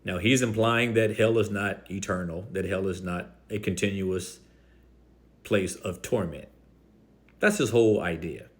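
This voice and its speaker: A man hosting a Christian video, rebutting an opponent directly in a combative voice and stressing key words slowly. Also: low-pitched. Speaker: Christian apologetics video host.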